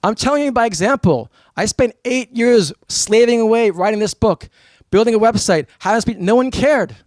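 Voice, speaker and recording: An American man from New York giving a blunt, energetic talk to a live seminar audience as a motivational speaker. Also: sits high, moderate pace, no room sound. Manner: energetic, blunt and emphatic, with mock voices.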